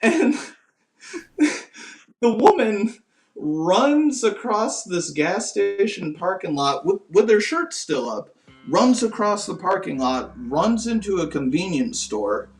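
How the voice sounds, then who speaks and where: Rambling man, profane storytelling, slightly high voice, roomy room, far from the mic. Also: sing-song, takes it slowly. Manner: rambling, profane, lots of "like" fillers. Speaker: guest. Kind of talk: casual storytelling. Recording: roomy, distant mic, faint music.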